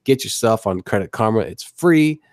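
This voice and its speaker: Lively jokey man reading the chat. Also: on the low side, moderate pace, no room sound, studio quality. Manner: jokey, mock-announcer asides. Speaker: podcast host reading chat. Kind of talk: casual chat.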